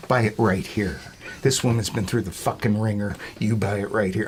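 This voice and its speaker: A middle-aged man who has worked in retail for years tells casual, rambling stories full of profanity, laughing along the way. His voice is fairly low and steady at a moderate pace, with a slight hiss or hum in the background.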